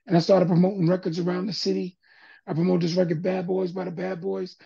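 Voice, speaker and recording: A man's voice: high voice, vocal fry, breathy edge, muffled recording. An older man, a music producer and guest, telling stories in a casual interview and acting out other people's voices as he goes. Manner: animated storyteller, acts out quoted voices.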